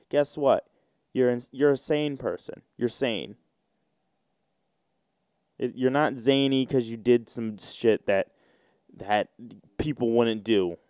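Young male podcast host, mellow tone, dry close sound, animated storyteller who mimics people. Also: mid-range voice, clear, resonant tone, no echo. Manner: animated storytelling with mocking put-on voices. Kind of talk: casual solo podcast rant.

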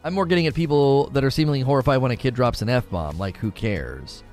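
A man's voice: mid-range voice, animated, a little fast, darkish tone, faint music behind. A man in his thirties, a father, giving blunt opinions in casual chat while answering questions, often restarting his sentences.

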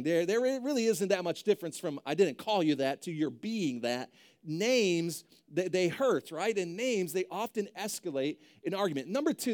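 A man's voice: high-pitched, a little mellow. A young adult male pastor preaching a sermon in a conversational way, often checking in with "right?".

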